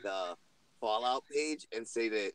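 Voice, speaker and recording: A man co-hosting a casual gaming podcast, animated and profane, acting out other people. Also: on the low side, measured pace, clear, resonant tone, no room sound. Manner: animated, swears, acts out people. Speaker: podcast co-host.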